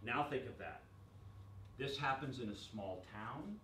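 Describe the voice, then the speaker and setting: A man giving a lively workshop presentation to a room, joking and quizzing the audience. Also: mid-range voice, unhurried, slight background noise. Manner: energetic, jokey, asks the audience questions. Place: chamber of commerce meeting room. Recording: echoey room recorded from far off.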